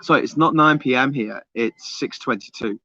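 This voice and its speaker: A man chats casually as a livestream co-host, telling rambling stories with plenty of restarts and offhand swearing. His voice is of middle pitch and sounds dry and close. The stream audio is dull and lo-fi. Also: normal speed, bright, forceful tone, no room sound. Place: home on an island.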